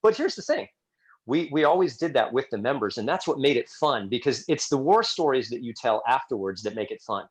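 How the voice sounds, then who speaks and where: A man co-hosting a podcast, telling stories in a lively way, often repeating words, in casual chat. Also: mid-range voice, brisk. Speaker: podcast co-host, gym coach.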